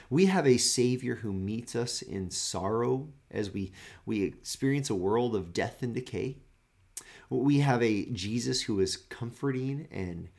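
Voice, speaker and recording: A man's voice: medium pitch, creaky, darkish tone. A man speaking as a pastor in a daily devotional sermon, earnest, often restarting and repeating words as he reads and explains scripture.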